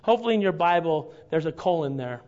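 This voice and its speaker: A man preaching a sermon to his congregation, earnest and building to impassioned, drawn-out emphasis. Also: a little high, lively intonation, a little mellow, muffled recording. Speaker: pastor.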